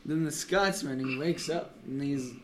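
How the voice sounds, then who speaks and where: A man telling jokes casually among friends, animated and laughing as he goes. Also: a little high, measured pace, heavy background noise. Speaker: joke teller.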